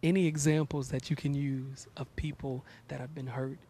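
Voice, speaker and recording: A man in his thirties, a gospel artist talking in a casual interview, animated and preachy, often repeating words as he starts sentences. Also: medium pitch, normal speed, husky.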